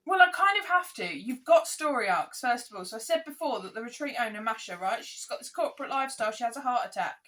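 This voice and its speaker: A woman co-hosting a podcast in casual chat, animated and exasperated as she rants. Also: fairly high pitch, fast, hardly any pauses. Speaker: podcast co-host.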